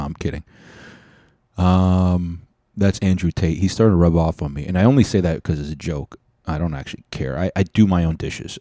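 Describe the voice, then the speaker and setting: A man's voice: sits low, warm tone, no echo. A man hosting a podcast, telling rambling, profane stories in a joking, casual way into a studio mic. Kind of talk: casual storytelling. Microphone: studio mic with cough button.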